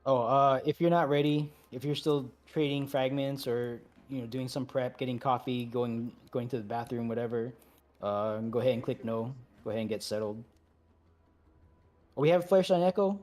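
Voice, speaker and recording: A man's voice: medium pitch, level tone, moderate pace. A man leading a game raid over voice chat, giving easygoing, chatty instructions with apologetic asides. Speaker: raid leader.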